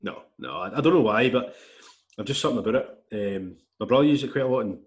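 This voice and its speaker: A young Scottish man co-hosting a podcast, chatting in an easygoing, hesitant way with many pauses and ums. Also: mid-range voice, expressive. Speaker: podcast co-host. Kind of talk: casual chat.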